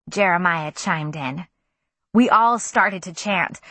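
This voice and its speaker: Woman audiobook narrator, gentle, slow, dry close mic. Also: mid-range voice, lively intonation, no echo. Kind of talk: first-person audiobook narration.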